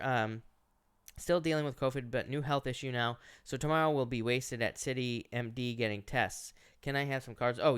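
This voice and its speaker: A man with a smooth, clear voice runs a relaxed live-stream tarot reading. He talks casually, padding his answers with "uh" and easygoing asides as he greets viewers one by one. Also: medium pitch. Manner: casual, chatty, lots of filler "uh" and "is what I'd say". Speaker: tarot reader. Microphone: headset or earphones.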